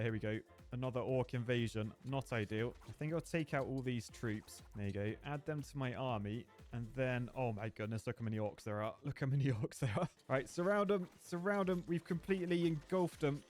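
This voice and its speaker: A young man gives running live commentary over his gameplay, chatty, jokey and quick to get excited. His voice sits at an ordinary middle pitch. Faint music plays behind him. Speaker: gaming streamer.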